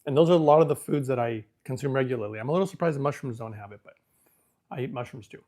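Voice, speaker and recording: A mellow, mid-range male voice comes out rapid-fire as he hosts an informal live Q&A. Answering viewers, he reads from the screen and reasons aloud with relaxed confidence.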